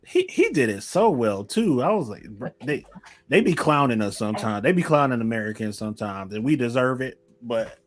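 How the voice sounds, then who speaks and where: A man with a plain mid-range voice co-hosts a casual podcast. He jokes around in a relaxed, easygoing way. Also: mid-range voice, a little fast, dry recording. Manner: laid-back, joking. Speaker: podcast co-host. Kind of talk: casual chat.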